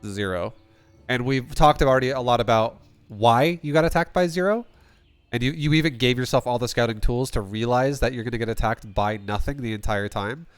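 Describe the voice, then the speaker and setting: A man's voice: mid-range voice, a little fast, clean tone, no room sound. A man coaching a player through a game replay, blunt and rambling, swearing often and restarting sentences. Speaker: StarCraft coach. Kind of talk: casual replay coaching with profanity.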